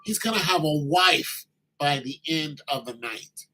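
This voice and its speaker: A man telling a story in a casual monologue, animated and slangy, acting out the quoted voices. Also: on the high side, unhurried, faint music behind, rough recording.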